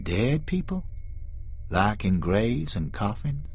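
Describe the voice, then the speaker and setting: A man voicing a kind, awkward middle-aged stranger who talks in a hesitant, gentle way. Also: lowish voice, big pitch swings, slow pace, gravelly, slightly rough, faint music behind, heavily acted.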